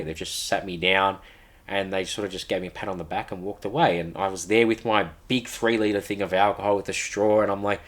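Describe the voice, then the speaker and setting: A man's voice: low voice, fast, a bit bright. A man in a podcast interview, earnestly retelling a personal story with vivid acted-out quotes. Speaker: podcast guest.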